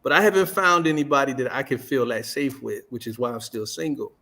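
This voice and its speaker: A man's voice: medium pitch, a little fast, vocal fry, sharp tone. A middle-aged man speaking earnestly in a casual panel chat, often repeating himself to keep the floor.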